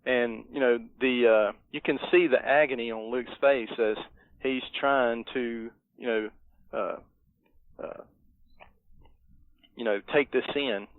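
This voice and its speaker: A man's voice: medium pitch, fairly even intonation, slow, pauses often, dry recording. A middle-aged man cohosting a podcast, talking casually and hesitantly with lots of fillers. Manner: hesitant, many fillers, nostalgic. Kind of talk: casual movie review chat. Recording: dry tinny phone-like line.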